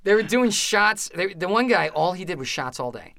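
A man's voice: high-pitched, big pitch swings, moderate pace, vocal fry, a bit bright. A man who is a comedian guest, telling a story in a casual interview and acting out other people's voices.

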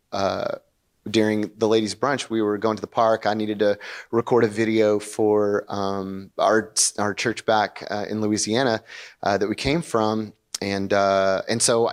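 A man preaching a sermon as pastor, telling a personal story in a chatty, animated way and acting out quoted lines. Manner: animated, chatty, acts out quotes with rising pitch. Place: church service.

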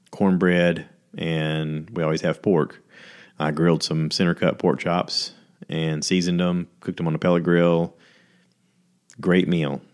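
A low-pitched, slightly mellow male voice belongs to a podcast host doing a casual solo monologue. He talks candidly about himself, rambling a little in a self-deprecating, easygoing way.

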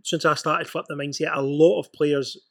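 Reflective Scottish man, slightly high voice. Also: steady tone, normal speed, fairly bright tone. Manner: supportive, reflective. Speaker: podcast host, former footballer. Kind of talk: casual chat.

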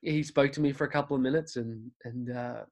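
A man's voice: mid-range voice, steady tone, brisk. An Australian man chatting as a podcast guest, telling a story in a loose, rambling way with many fillers and restarts. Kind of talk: casual conversational storytelling.

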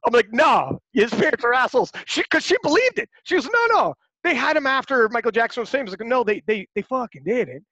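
A man in his forties hosting a casual chat, telling profane, animated stories. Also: extremely high pitch, brisk, hardly any pauses, dry recording, muffled recording. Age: 40s.

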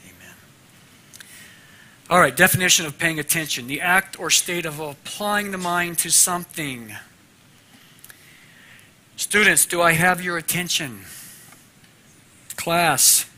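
A man teaching a class devotional in an earnest way, moving from loud teaching to a hushed prayer. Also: on the high side, a little slow, long pauses.

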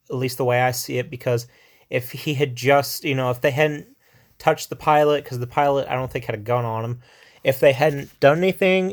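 A man casually recapping a war film in a rambling way, with many fillers and quick acted-out quotes from the characters. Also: medium pitch. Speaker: film reviewer. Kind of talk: casual spoken movie recap.

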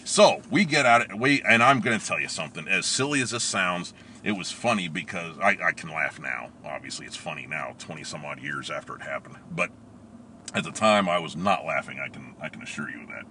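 Animated deep-voiced man telling a story. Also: brisk, slight background noise. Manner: animated, laughs often, acts out quoted lines. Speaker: storyteller recalling police academy training. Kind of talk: casual storytelling.

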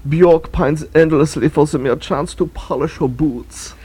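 A man's voice: a little high, a little slow, mellow, breathy edge, low-quality recording. A man playing a supercilious musician with a fake European accent. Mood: lecturing. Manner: supercilious, condescending. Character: pompous pretentious male band leader. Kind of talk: comedy radio sketch.

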